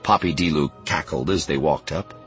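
A man narrating an audiobook in a measured, steady storytelling voice. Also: husky. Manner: low, measured, even storytelling. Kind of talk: scripted narration. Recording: studio audiobook with music.

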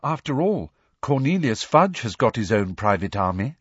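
A man's voice: medium pitch, very animated, normal speed, fairly bright tone, breathy edge, no echo. A man voicing an odd, dreamy teenage schoolgirl who speaks solemnly and stubbornly, in a storybook reading. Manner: solemn, matter-of-fact, stubborn. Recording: dry, slightly dull recording.

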